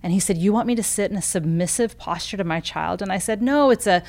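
A woman's voice: mid-range voice, quick pace, darkish tone. A woman who coaches parents, telling a long story in an interview and acting out the quoted conversations with frequent "um" and "like.".

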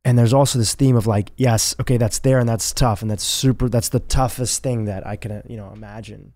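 A man's voice: mid-range voice, fairly even intonation, brisk, mellow, no echo, studio quality. A man hosting a podcast, speaking in an earnest, reflective way with some filler words. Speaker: podcast host. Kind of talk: conversational interview.

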